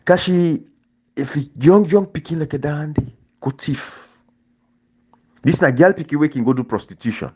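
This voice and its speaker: A man's voice: fairly high pitch, moderate pace, husky, dry recording. Sierra Leonean man, political commentator, impassioned, dry close mic. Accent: Sierra Leonean Krio-English. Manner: impassioned, repetitive, rising to near shouting. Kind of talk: casual political discussion.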